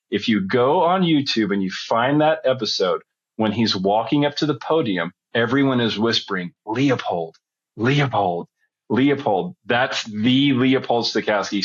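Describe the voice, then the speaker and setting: A man's voice: mid-range voice, a bit bright, dull audio. A middle-aged man, a podcast guest, telling a story in a chatty, rambling way that often backtracks.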